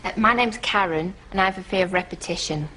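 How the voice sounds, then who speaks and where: A woman's voice: medium pitch, fast talker, sharp tone, slight background noise, lightly acted, low-quality recording. An actress playing a woman with a fear of repetition in a comedy sketch, speaking in a hesitant, plain way.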